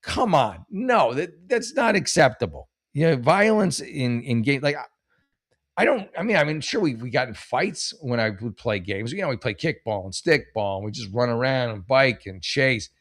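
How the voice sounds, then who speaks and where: This middle-aged advice-show host has a mid-range, fairly bright voice with big pitch swings and a normal speed. Jokey and rambling, he works through listener questions with personal stories, frequent restarts and self-corrections.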